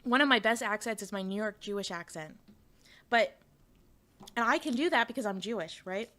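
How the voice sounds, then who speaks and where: A woman's voice: mid-range voice, expressive, normal speed, sharp tone. A woman streamer in casual live chat, rambling and giggly with lots of fillers.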